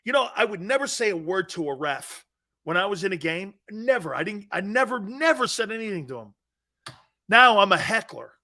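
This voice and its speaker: A middle-aged man hosting a sports talk show, telling self-mocking stories in a lively, animated way. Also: high voice, moderate pace.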